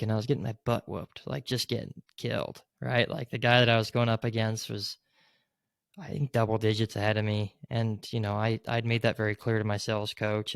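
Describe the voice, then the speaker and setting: A man's voice: fairly low pitch, creaky, smooth, no room sound, clean studio sound. A man guesting on a podcast, telling a sales story in a loose, rambling way full of fillers, acting out what people said to him. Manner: rambling, filler-heavy, leans on "like"; acts out quoted lines, gets loud in retelling. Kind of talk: casual interview storytelling.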